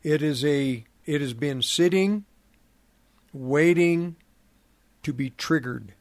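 A middle-aged man hosts a prophecy commentary program, speaking in a slightly high voice. He talks very slowly and haltingly, with plenty of fillers and restarts. The recording is close and dry, with no room sound. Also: no echo. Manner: slow, halting delivery with many fillers and restarts. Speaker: radio program host.

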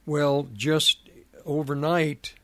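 Slow, halting man on a dry mic. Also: fairly high pitch, flat delivery, bright, forceful tone, dry recording. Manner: slow, halting delivery with many fillers and restarts. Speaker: radio program host. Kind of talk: prophecy commentary program.

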